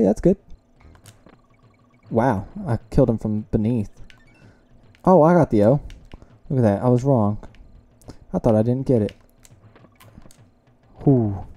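A man's voice: mid-range voice, unhurried, long pauses, faint music behind. Chatty young man narrating gameplay. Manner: chatty, self-mocking, reacts loudly to close calls. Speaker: let's play gamer. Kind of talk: casual gameplay commentary.

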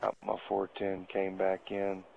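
A man's voice: deep voice, monotone, a little slow, gravelly. A man telling a casual anecdote in a profane way, laughing as he goes. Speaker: storyteller. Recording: tinny phone-like audio.

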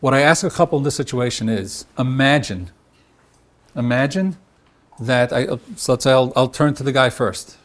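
A middle-aged man, a marriage therapist, lecturing at a workshop, asking the audience questions and acting out both husband and wife in his examples. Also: mid-range voice. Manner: asks the audience rhetorical questions and pauses on them.

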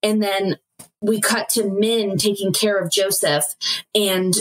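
A woman's voice: medium pitch, fairly even intonation, slow, slight background noise. A woman co-hosting a podcast, animatedly retelling an episode with laughs and acted-out quotes. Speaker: podcast co-host. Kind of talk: casual recap chat.

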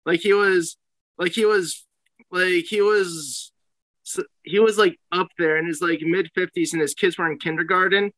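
Young guy comic telling stories with lots of laughs, kinda high voice, dry sound. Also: steady tone, moderate pace, a bit bright, no echo, low-quality recording. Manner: laughing storyteller who acts out his own reactions. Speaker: comedian guest. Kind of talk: casual podcast chat.

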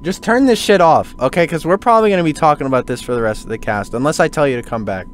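A man hosting a casual podcast chat, animated and ranting, swearing freely. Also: on the high side, quick pace, a little hiss or hum. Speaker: podcast host.

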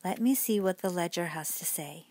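A woman voicing an oily, smirking male hotel desk clerk with a smooth, falsely polite manner, in a bedtime story. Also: lowish voice, normal speed, a little mellow, dry recording, natural voice.

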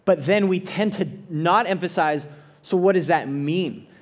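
Guy pastor preaching, kinda high voice, earnest and chatty, lots of restarts. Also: measured pace. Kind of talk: sermon.

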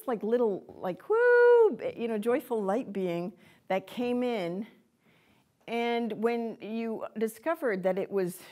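This fairly high-pitched woman leads an informal spiritual workshop on empaths before a live audience. She rambles chattily, full of fillers and self-interruptions, laughing often and livening up whenever she acts out a quote.

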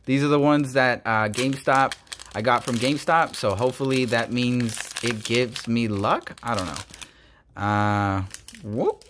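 A man hosting a casual card-opening video, excitable, swinging from quiet muttering to loud bursts, his voice going hoarse. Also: medium pitch, measured pace, noisy background. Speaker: YouTube host opening trading cards.

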